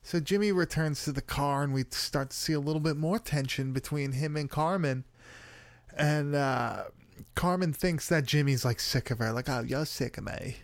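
A young man chats through a film recap with a smooth, resonant voice, laughing a lot and swearing freely. The sound is close and dry, with no room around it. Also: fairly high pitch, moderate pace, no room sound. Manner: laughs often, filler-heavy, swears casually. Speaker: podcast host recapping a film. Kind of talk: casual profane chat.

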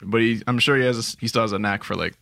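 A man's voice: on the low side, fairly even intonation, racing, gravelly, fairly bright tone, dry recording. A man co-hosting a casual podcast chat, joking and swearing as he asks questions. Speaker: podcast co-host.

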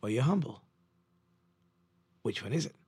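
Husky rabbi telling a lively story. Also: male voice, mid-range voice, moderate pace, no room sound. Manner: animated storyteller acting out characters' lines. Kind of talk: sermon storytelling.

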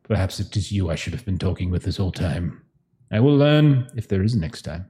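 Low mellow-voiced male game master. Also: fairly quick. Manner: relaxed, chuckling, improvising. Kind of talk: narrating a tabletop game.

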